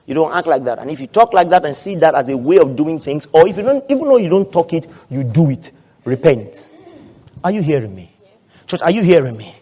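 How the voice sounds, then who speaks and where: Male pastor, high-pitched, preaching with amen calls, swings between quiet and shouting. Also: breathy edge. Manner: preaching loudly with call-and-response amens, swinging from soft to shouted; acts out quoted voices of husbands and wives. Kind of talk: sermon.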